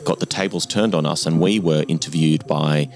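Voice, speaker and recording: A man's voice: very deep voice, moderate pace, a little mellow. A man with an Australian accent, co-hosting a podcast and chatting casually with guests. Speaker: podcast co-host, clinic owner. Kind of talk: scripted intro then casual chat.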